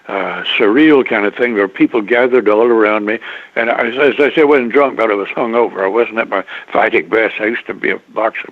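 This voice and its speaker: With a mid-range voice, an older man appearing as an interview guest recounts a long, wandering tale, halting and restarting often and sometimes chuckling. It's a dry recording over a tinny phone line.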